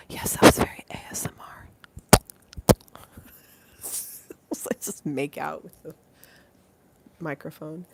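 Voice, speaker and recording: A woman's voice: low voice, a little mellow. A woman hosting a casual livestream, rambling and giggly as she reads out names from the chat. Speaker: livestream host.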